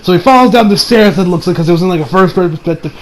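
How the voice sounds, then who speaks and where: A man's voice: high-pitched, racing, slight background noise, poor audio. A man giving a casual episode recap and review, rambling with many restarts and self-mocking asides. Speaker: anime reviewer.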